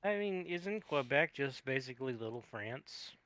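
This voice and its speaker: A young man co-hosting a podcast in casual chat, animated and jokey. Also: mid-range voice, normal speed, no echo. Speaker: podcast co-host.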